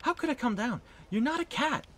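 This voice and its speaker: Bossy, anxious teenage girl, lifted higher, read aloud by a streamer, lively delivery. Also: fairly quick. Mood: worried scolding. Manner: scolding, anxious. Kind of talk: game dialogue read aloud.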